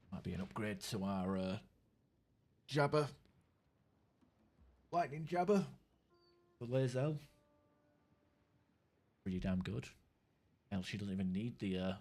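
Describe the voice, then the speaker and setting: A man with a low voice talks casually over his gameplay, chatting with viewers as he plays. He rambles in stop-start bursts and swears without a second thought. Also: fairly even intonation, measured pace, pauses often, dark tone. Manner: chats with viewers while playing. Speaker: gaming streamer.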